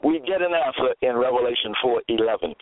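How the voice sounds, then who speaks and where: A man's voice: mid-range voice, quick pace, dry recording. A man preaching a radio-style sermon, teaching in a didactic way and asking the listener rhetorical questions. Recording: tinny phone-line sound, dry.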